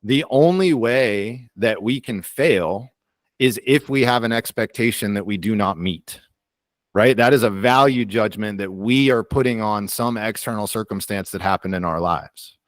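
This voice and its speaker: Man, deep voice, calm explainer, video call, dry sound. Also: no echo. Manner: calm, explanatory, slows down to stress points. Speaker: host of a community call. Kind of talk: casual teaching on a video call.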